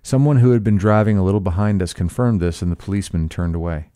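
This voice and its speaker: A man reading a classic novel aloud in a measured, even narration. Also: deep voice, clean tone, no room sound, studio quality. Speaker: audiobook reader.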